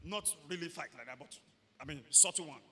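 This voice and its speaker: A Nigerian man preaching a sermon as pastor, animated, shouting at peaks and slipping in humorous stories. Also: on the high side, brisk, slightly rough, big-room sound.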